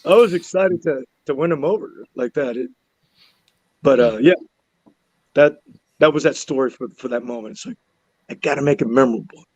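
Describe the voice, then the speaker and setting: A man telling a story from a film set in casual chat, animated and laughing, restarting and repeating words as he goes. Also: mid-range voice, moderate pace, pauses often, dry recording, lo-fi sound. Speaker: actor and podcast guest.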